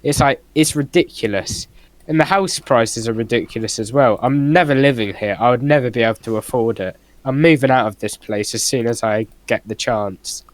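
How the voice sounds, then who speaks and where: A chatty young man with a southern English Kent accent, talking casually and rambling a bit as he pokes fun at himself. His voice sits at an ordinary pitch and sounds close and dry, with no room around it. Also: normal speed, no echo. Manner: chatty, rambling, self-mocking. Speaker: podcast co-host. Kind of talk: casual chat.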